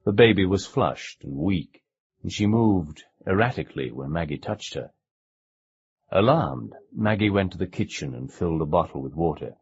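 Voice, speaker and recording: A man narrating an audiobook with measured, expressive storytelling. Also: sits low, slightly rough. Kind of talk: scripted narration. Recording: dull lo-fi cassette recording.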